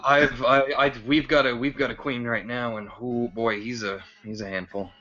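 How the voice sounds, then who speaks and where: A man's voice: mid-range voice, fairly even intonation, moderate pace, pushed and bright, lo-fi sound. A man in casual podcast chat, telling stories and swearing a lot. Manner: profane, storytelling. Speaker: podcast panelist.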